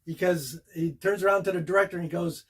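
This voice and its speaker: Husky, higher-voiced older man telling stories. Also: quick pace. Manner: animated, acts out the scene beat by beat. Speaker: actor telling a career story. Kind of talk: casual storytelling to camera.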